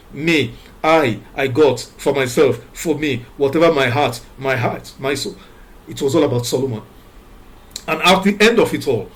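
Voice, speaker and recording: A man from Nigeria speaks in an emphatic, preaching way, hammering the same words again and again. His pitch sits in an ordinary middle range. He reads scripture evenly and then poses pointed rhetorical questions. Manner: reads scripture aloud in a measured way. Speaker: commentator. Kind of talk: preachy moral commentary monologue.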